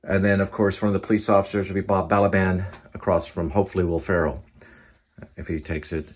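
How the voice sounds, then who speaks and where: A man's voice: low-pitched, little pitch movement, quick pace. A man rambling casually in a vlog, trailing off and talking to his cat as he goes. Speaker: vlogger.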